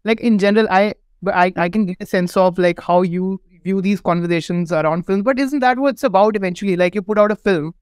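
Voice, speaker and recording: A man's voice: high-pitched, fast talker, hardly any pauses, clean tone, dry recording. A young man with an Indian English accent, hosting a podcast, asking long, hesitant questions full of fillers. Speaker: podcast host. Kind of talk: casual interview.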